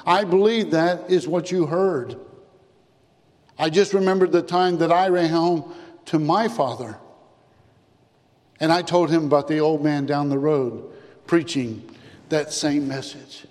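A man voicing a calm father who gently reassures his son. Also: a little high, unhurried, long pauses, long reverb tail, natural voice. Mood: reassuring.

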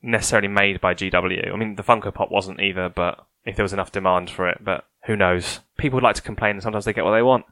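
A man co-hosting a casual hobby podcast, animated and teasing, explaining things at length. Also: low voice, fast, few pauses, no echo. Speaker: podcast co-host.

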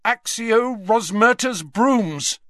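A man voicing an anxious teenage boy wizard who talks in an urgent, rushed way. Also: high voice, expressive, no room sound, studio quality, voice pushed up.

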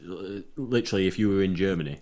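An English man with a very low voice talks in a loose, rambling way, doubling back on his own words as he jokes with friends. He hosts a casual podcast chat from an attic room. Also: quick pace, a little mellow. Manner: rambling, jokey, repeats words.

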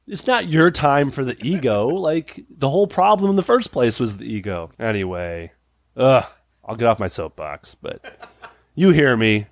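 A character actor and improviser in his thirties chats casually as a podcast guest at a moderate pace, with no echo. He is animated and laughs often, uses many "like" fillers, and jumps suddenly in pitch when acting out what people said.

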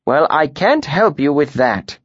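A man's voice: on the high side, sing-song, unhurried, husky, no room sound, voice pushed up, heavily acted. A man voicing a fussy older male tinker who pleads and sighs reluctantly. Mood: pleading. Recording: dry, slightly muffled studio recording.

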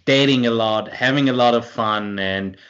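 A man's voice: medium pitch, normal speed, fairly bright tone, muffled recording. A man hosting an interview, asking hesitant, stammering questions. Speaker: host.

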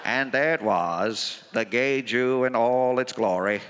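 A man doing an impression of a solemn male nature-documentary narrator, slow and grave. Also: medium pitch, slight background noise, pitched below the performer's own voice. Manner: slow, grave, hushed storytelling. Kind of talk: impression within stand-up.

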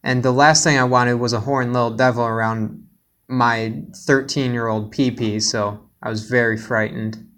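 A man's voice: medium pitch, fairly even intonation, normal speed, fairly bright tone. Male podcast host, playful and joking, casual storyteller.

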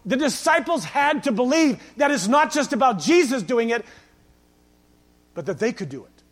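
A male pastor delivers a sermon in an animated storytelling style and voices the people in his stories. His voice sits high for a man. The sound carries the long reverb of a church hall. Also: moderate pace. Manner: animated storytelling, acting out quoted lines.

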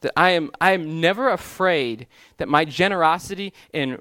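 Earnest preacher man, slightly high voice. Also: expressive, normal speed, a bit bright, no room sound, studio quality. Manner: earnest, repetitive restarts, rising emphasis in lists. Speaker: pastor. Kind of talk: sermon.

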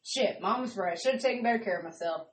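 A woman telling stories in casual stand-up, loud and laughing, swearing freely. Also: medium pitch, quick pace. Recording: echoey room from a distance.

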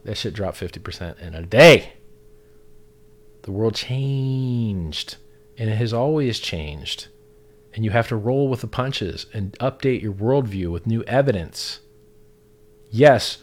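A man ranting angrily on a livestream, profane and sarcastic, mocking other people's views in a raised mimicking voice. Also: lowish voice.

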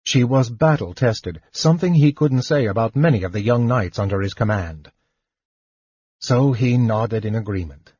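A man narrating a fantasy audiobook in a slow, measured way. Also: medium pitch, animated, darkish tone, breathy edge, dry recording, muffled recording. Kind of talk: scripted narration.

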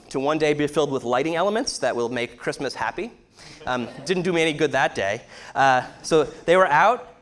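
A man's voice: on the high side, fairly bright tone. A man in his thirties giving an earnest, explanatory sermon-style talk, with many fillers. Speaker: speaker teaching on shame.

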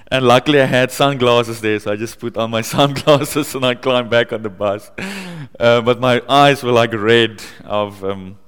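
A man preaching a sermon in a church, conversational, laughing often and growing excited as he tells stories. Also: medium pitch, smooth, in a large hall. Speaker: pastor.

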